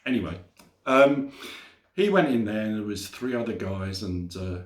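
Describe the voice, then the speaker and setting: A man's voice: fairly low pitch, animated, normal speed. A man vlogging to camera and telling a story in a rambling, self-correcting way. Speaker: motorcycle vlogger. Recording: roomy echo.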